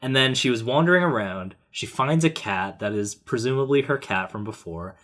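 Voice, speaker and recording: A man co-hosting a casual film podcast, talking animatedly and acting out characters in quick voices. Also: mid-range voice, expressive, fairly bright tone. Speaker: podcast co-host.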